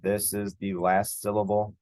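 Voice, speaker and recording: A man teaching Spanish grammar over slides, relaxed and conversational, with frequent fillers and restarts. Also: lowish voice, a little slow, no room sound, poor audio.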